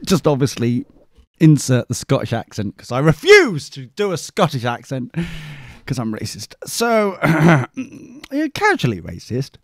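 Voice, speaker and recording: A man's voice: mid-range voice, huge pitch swings, measured pace, dry recording, studio quality. A tired man, hosting a live podcast in a rambling, scatterbrained, self-mocking way. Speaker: podcast host. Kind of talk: rambling live-show chat.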